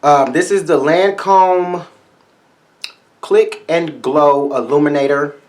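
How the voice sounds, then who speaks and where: A man's voice: fairly high pitch, slow. A man reviewing makeup products in a vlog, talking straight to his viewers in a sassy, flamboyant, salty way. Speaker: beauty vlogger.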